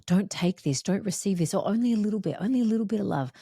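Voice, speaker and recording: A woman's voice: medium pitch, animated, quick pace, dark tone, husky, no echo, studio quality, pitched above the performer's own voice. A woman voicing her own timid, self-limiting inner voice, repeating herself in a pleading, shrinking way. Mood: anxious.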